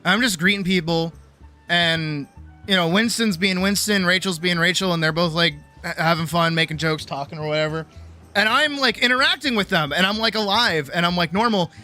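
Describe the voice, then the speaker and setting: A woman streamer telling a casual, animated story, swearing freely and acting out other people's lines. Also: lowish voice, brisk, faint music behind. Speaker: streamer and artist.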